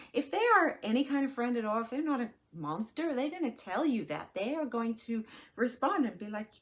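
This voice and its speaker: A woman's voice: a little high, a little fast. A woman in her forties hosting a solo podcast as a life coach, talking in a frank, reassuring way and acting out quoted voices, sometimes dropping to a near whisper. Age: 40s. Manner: animated, acts out quoted voices, drops to soft near-whispers. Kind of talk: casual solo podcast talk.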